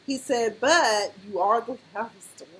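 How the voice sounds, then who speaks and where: A woman with a slightly higher voice gives a casual, chatty review of a TV drama. She throws herself into quoting the characters, shifting her delivery as she plays each one. A faint background hum sits under her voice. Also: measured pace, poor audio. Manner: animated, acts out characters' lines in quotes. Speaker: TV recap vlogger.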